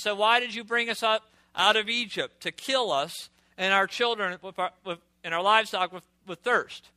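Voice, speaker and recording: A man delivers an emphatic sermon in a high, bright voice, driving his points home by repeating words again and again. He reads scripture aloud and tosses rhetorical questions to the congregation. The sound is dry and close. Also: no room sound. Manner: asks the audience rhetorical questions. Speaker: preacher.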